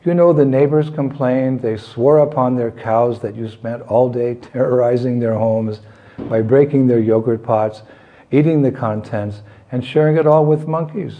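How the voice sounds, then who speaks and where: A man voicing a loving, crafty mother who is faking tears, speaking slowly in a pleading, weepy way. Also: medium pitch, narrow, tinny audio, natural voice. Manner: tearful, pleading, slowed.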